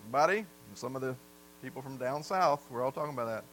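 A man's voice: medium pitch, expressive, fast talker, fairly bright tone, rough recording. A man from the South, preaching a sermon in a folksy storytelling way and putting questions to the congregation. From American South. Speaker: pastor.

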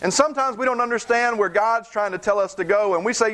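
A man's voice: sits high, expressive, fairly quick, few pauses, fairly bright tone. A middle-aged man preaching a sermon in an earnest way, often repeating words as he starts a phrase.

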